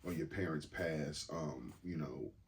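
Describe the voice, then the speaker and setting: A man co-hosting a podcast with a very deep, low voice. He thinks out loud in a loose, reflective way and swears now and then. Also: a little slow. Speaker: podcast co-host. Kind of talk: casual chat.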